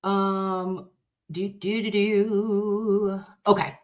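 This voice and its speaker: A woman from Dorchester with a Boston accent, hosting a casual reaction chat. She talks in an animated, excitable way, swears freely and calls her viewers babe and loves. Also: medium pitch, very slow, muffled recording. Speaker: host reacting to a juror interview.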